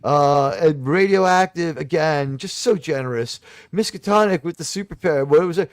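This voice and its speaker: A man's voice: on the high side, normal speed, no room sound, studio quality. A man with a New York accent slightly touched by Boston, hosting a live stream panel in a rambling, effusive way with many fillers and restarts. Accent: New York, slightly Boston-tinged. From New York City. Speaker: host of a live watch-party panel stream. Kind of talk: casual live-stream chat.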